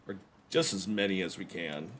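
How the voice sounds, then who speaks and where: A man's voice: low-pitched, normal speed, fairly bright tone, slight background noise. A man streaming a survival game, chatting casually to his viewers with rambling, self-deprecating jokes. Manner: rambling, self-deprecating, joking asides to chat. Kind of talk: casual gameplay commentary.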